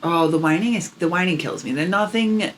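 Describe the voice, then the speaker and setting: A woman's voice: on the low side, brisk. A woman in her thirties co-hosting a parenting podcast, chatting animatedly and laughing easily as she tells stories about her daughter. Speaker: podcast co-host. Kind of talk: casual chat. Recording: faint background noise.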